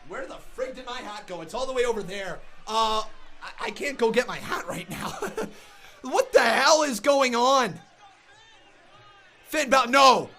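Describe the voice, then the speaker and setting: A man streaming a live reaction, shouting in frantic, excitable exclamations and shaking with excitement. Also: very high-pitched, measured pace, gravelly, long pauses.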